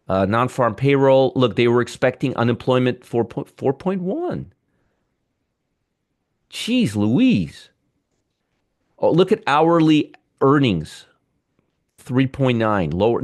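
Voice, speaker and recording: A man's voice: medium pitch, very animated, slow pace, long pauses, darkish tone. A man hosting live market commentary, ranting sarcastically and muttering over charts as he reads them.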